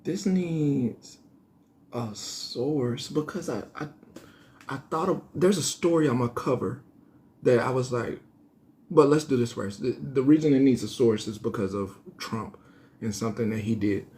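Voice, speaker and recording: Hosting his own laid-back news commentary show, this man speaks unhurriedly in a medium-pitched, somewhat dark voice with a slight twang. He thinks out loud, wanders, and keeps correcting himself.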